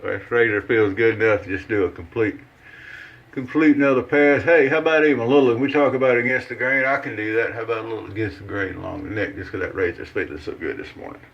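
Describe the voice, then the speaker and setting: A man's voice: on the low side, fast, vocal fry, muffled recording. Folksy man chatting while he shaves. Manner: folksy, rambling, many fillers and restarts. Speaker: shaving channel host. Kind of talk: casual how-to chat while shaving.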